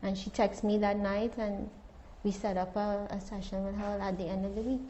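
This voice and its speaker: A woman's voice: medium pitch, level tone, moderate pace, mellow, highs cut off, slight background noise. A woman therapist being interviewed, talking earnestly and reflectively about her work with clients. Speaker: therapist guest. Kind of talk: casual interview.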